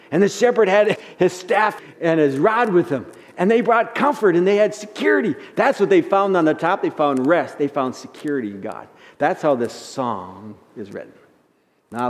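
A man preaching a sermon in a church sanctuary, his voice sitting a touch higher than most men's. His reading swells loud and lifts when the verses build, then falls soft and low for asides. A long reverb from the hall trails after his words. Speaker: pastor.

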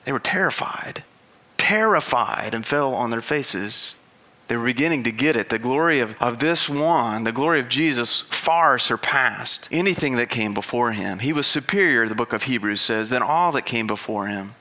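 A man's voice: mid-range voice, normal speed, pushed and bright. A man preaching as a pastor, in an earnest, conversational sermon style with frequent restarts.

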